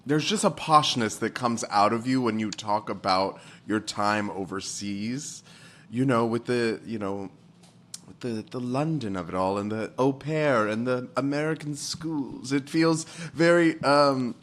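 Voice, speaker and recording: A man's voice: mid-range voice, measured pace, fairly bright tone, a little hiss or hum. A man co-hosting a podcast in casual chat with a giggly, playful manner. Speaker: podcast co-host.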